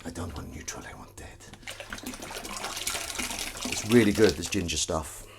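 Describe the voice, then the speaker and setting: A man's voice: sits low, a little slow, very noisy. A man chatting casually on a live stream, rambling and joking at himself. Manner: rambling, jokey, self-mocking.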